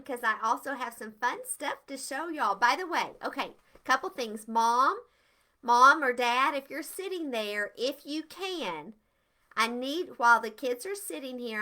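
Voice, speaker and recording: This is a kids' live-stream etiquette lesson led by an older woman whose voice is high, bright, and forceful. She welcomes the audience with bubbly energy.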